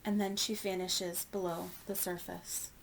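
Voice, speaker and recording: A woman reading a children's novel aloud with clear, expressive storytelling. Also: lowish voice, measured pace, a little hiss or hum. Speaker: reader.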